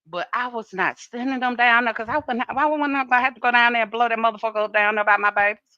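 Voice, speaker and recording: A middle-aged woman telling stories casually, animated and profane, acting out what people said. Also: fairly high pitch, fast talker, smooth, dry recording, lo-fi sound. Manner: animated, profane, acts out dialogue. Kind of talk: casual storytelling.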